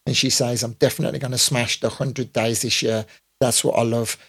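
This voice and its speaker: A man's voice: mid-range voice, flat delivery, a little fast, breathy edge. A man in his fifties, a DJ hosting a casual live stream, rambling with lots of fillers and restarts. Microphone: computer or phone mic on a live stream.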